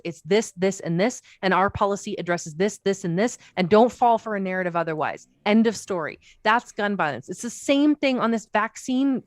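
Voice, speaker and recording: A woman's voice: mid-range voice, dry recording, studio quality. A woman, speaking as a political commentator on a panel in an impassioned, emphatic way full of rhetorical questions. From Canada. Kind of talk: panel discussion.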